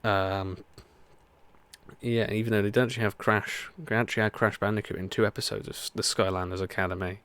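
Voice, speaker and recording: A man's voice: lowish voice, little pitch movement, fairly quick, fairly bright tone, smooth. A man streaming a racing game live, chatting in a rambling way and laughing often as he plays. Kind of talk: live gameplay commentary. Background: racing game music.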